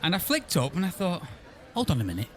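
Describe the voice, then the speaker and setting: A man's voice: a little high, huge pitch swings, fast. A man co-hosting a casual pub-themed podcast, chatting and giggling often. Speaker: podcast co-host. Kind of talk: casual chat.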